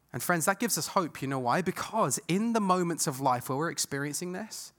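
A man preaching a sermon, earnest, moving between loud emphasis and hushed, tender passages. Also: mid-range voice. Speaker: pastor.

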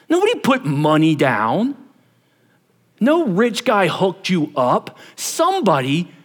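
A man in his forties preaching a sermon, telling stories with acted-out quotes and dropping to a hush for emphasis. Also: fairly high pitch, big-room sound. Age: 40s. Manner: animated storytelling, acts out quotes, drops to hushed emphasis. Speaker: pastor.

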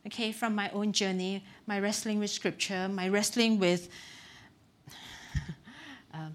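A woman's voice: medium pitch, takes it slowly, long pauses. Candid, chatty middle-aged woman pastor. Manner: candid and self-deprecating, with frequent fillers. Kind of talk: conversational sermon.

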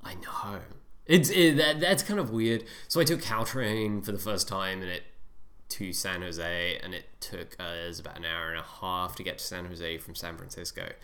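A man's voice: low voice, steady tone, moderate pace, fairly bright tone. A man from England with a southern English accent worn mostly American, co-hosting a podcast in playful, teasing casual chat. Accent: Southern English mixed with American. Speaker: podcast co-host.

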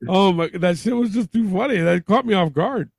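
A man's voice: high-pitched, moderate pace, creaky, a little mellow, no echo, clean studio sound. A man hosting a casual podcast, laughing helplessly and swearing a lot as he talks. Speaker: podcast host.

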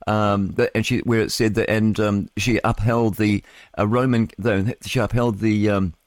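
A man's voice: lowish voice, steady tone, normal speed, dry recording, clean studio sound. A man with a New Zealand accent hosting a casual morning radio show, rambling and interrupting himself with chuckling asides. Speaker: radio host. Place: radio studio.

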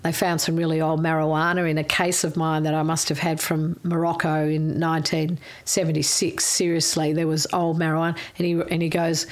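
An older Australian woman telling a candid personal story in a frank, wry, salty way, her voice going a little hoarse. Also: low voice, little pitch movement, normal speed. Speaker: interviewee.

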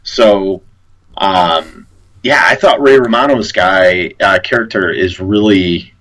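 A man's voice: deep voice, takes it slowly, fairly bright tone, rough recording. A man co-hosting a casual chat about a TV show, hesitant, with many fillers and restarts. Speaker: podcast co-host.

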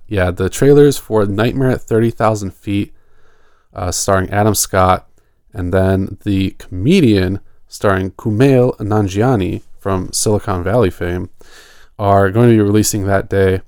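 Male podcast host, low-pitched, easygoing and rambling, frequent laughs. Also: measured pace, smooth, dry recording, clean studio sound. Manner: relaxed, rambling, laughs often. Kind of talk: casual horror podcast chat.

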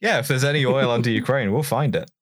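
A man's voice: medium pitch, quick pace, dry recording, studio quality. A man co-hosting a podcast, joking in casual banter with wry asides. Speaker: podcast co-host.

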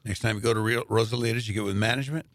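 A man's voice: lowish voice, steady tone, very fast, fairly bright tone, dry recording. A man co-hosting a podcast in casual chat, teasing with folksy wisecracks. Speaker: podcast co-host.

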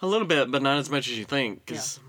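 Bright-voiced man telling a story. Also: medium pitch, expressive, fast talker. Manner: storytelling, easygoing, frequent throat clearing. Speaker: podcast co-host telling a story. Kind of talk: casual chat.

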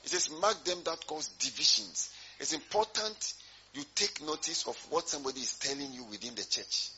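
A man's voice: fairly high pitch, lively intonation, normal speed, bright, forceful tone, a little hiss or hum. A man preaching a sermon to his congregation, often asking emphatic rhetorical questions. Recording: dull lo-fi sermon recording.

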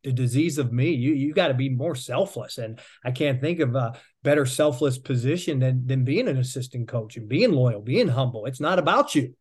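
A man's voice: medium pitch, animated, normal speed, hardly any pauses, darkish tone, slightly rough. A man hosting a podcast interview, enthusiastic and encouraging, cheering his guest on. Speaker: podcast host.

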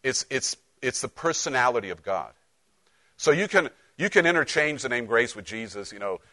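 A male pastor preaching a sermon in church, passionate and full of restarts, swinging between loud emphasis and quiet asides. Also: medium pitch, sing-song, normal speed. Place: church sanctuary.

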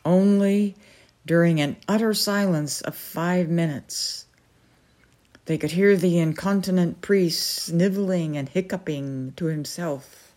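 A woman reading a novel aloud as a storyteller, slowly and gently, giving each character a voice. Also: lowish voice.

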